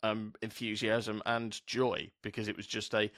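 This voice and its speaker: A man's voice: fairly low pitch, steady tone, a little slow, hardly any pauses, bright, forceful tone, no echo, studio quality. A man from the UK hosting a casual podcast chat, rambling through asides and swearing freely. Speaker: podcast host.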